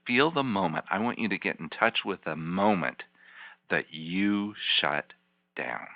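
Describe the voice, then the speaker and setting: A man, a healing practitioner, leading a volunteer through slow guided imagery with soft, repetitive, soothing coaching. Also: deep voice, animated, no echo. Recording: dull lo-fi teleconference line.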